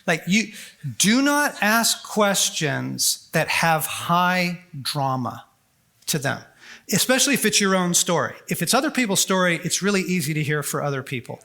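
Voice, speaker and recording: A man speaking at a conference on faith, animated and folksy, full of quick asides and acted-out prayers. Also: high-pitched, gravelly. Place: large conference hall.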